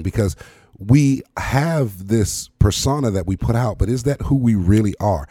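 A deep-voiced man hosts a motivational talk. His tone is dark and mellow, and he pushes his points home with preacher-like repetition. The recording is close and dry, with no room sound. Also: dry recording. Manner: emphatic, preacherly, repeats words for effect. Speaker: podcast host. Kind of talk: motivational monologue.

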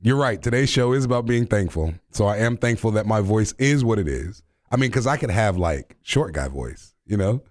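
A man's voice: lowish voice, animated, a little fast, few pauses, no room sound, studio quality. A young man hosting a radio talk show in casual, playful chat, laughing often and joking about himself. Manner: playful, laughs often, jokey self-mocking asides.

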